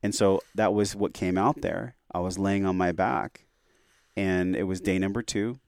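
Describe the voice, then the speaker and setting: A man's voice: low-pitched, steady tone, moderate pace, creaky, darkish tone, clear, resonant tone, no echo, studio quality. A man speaking as a podcast guest, telling a personal story in an earnest, heartfelt, reflective way.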